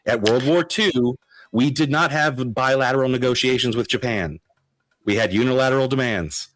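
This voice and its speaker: Deliberate argumentative man, dry sound. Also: mid-range voice, fairly bright tone, dry recording. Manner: argumentative, lays out points slowly and deliberately. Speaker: panelist. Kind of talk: panel debate.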